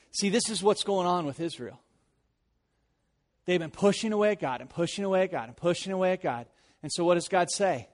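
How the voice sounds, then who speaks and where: A male pastor delivering a sermon in a fairly high voice. He moves between hushed, serious points and energetic, animated storytelling. The sound carries a long reverb from a large hall. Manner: animated storytelling, rising loud in anecdotes.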